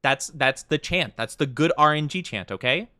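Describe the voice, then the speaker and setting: A man's voice: on the high side, expressive, moderate pace, bright, forceful tone, dry recording, studio quality. A young man streaming, chatting casually and reading chat aloud in a playful, mock-offended way with lots of fillers.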